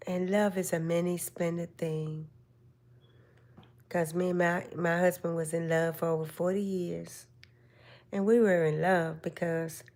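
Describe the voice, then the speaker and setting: An older woman hosting a casual live stream chat, giving slow, gentle, motherly advice to her viewers. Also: fairly low pitch.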